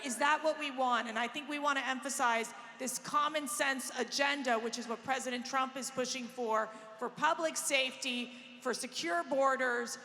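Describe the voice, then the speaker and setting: A woman's voice: sits high, sharp tone. A woman moderating a convention panel, pointed and rhetorical. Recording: hall reverb.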